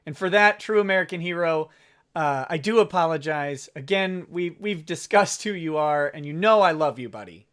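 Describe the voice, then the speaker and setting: A man's voice: on the high side, a bit bright. A man hosting a casual livestream, sarcastic and self-mocking, often breaking into laughter. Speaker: livestream host.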